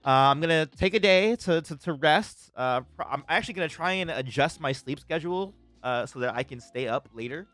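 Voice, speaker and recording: A man's voice: fairly high pitch, animated, a little fast, few pauses, a bit bright, soft background music. A man hosting a livestream in a casual, rambling way, with plenty of filler words as he chats with viewers. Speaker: livestream host.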